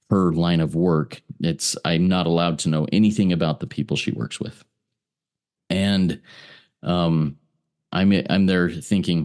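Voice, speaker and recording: A man's voice: sits low, darkish tone. A man telling a long personal story on a podcast, earnest and repeating himself as he talks. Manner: earnest, restarts and repeats words. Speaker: podcast guest.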